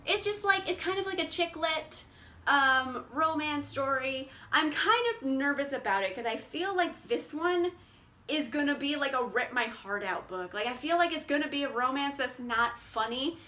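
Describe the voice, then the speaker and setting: Chatty young woman, high bright voice, giggly, lots of likes. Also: animated, normal speed. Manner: bubbly, laughs often, says like a lot. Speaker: book vlogger. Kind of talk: casual chat.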